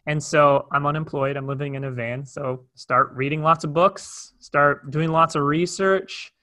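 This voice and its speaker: A man's voice: a little high, unhurried. A young adult man telling a personal story in a candid, conversational way. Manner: candid, conversational, animated retelling. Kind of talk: storytelling talk.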